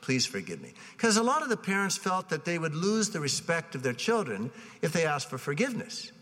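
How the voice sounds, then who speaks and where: Bright-voiced preacher in a reverberant hall. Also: male voice, high-pitched, expressive, fairly quick. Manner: conversational storytelling with frequent restarts. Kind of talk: sermon.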